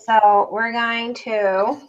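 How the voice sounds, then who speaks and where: A woman chats casually while crafting on a livestream, reading viewer comments aloud as she works. Her voice sits a little high. The recording sounds dull and lo-fi. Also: little pitch movement, drawn-out words. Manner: chatty, reads out viewer comments while working.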